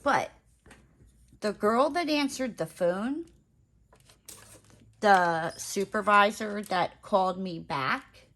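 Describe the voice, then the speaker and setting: A woman's voice: mid-range voice, slow pace, long pauses, a bit bright. A woman vlogger chatting casually while she crafts, telling a story in a blunt, profane way, full of "like" and asides.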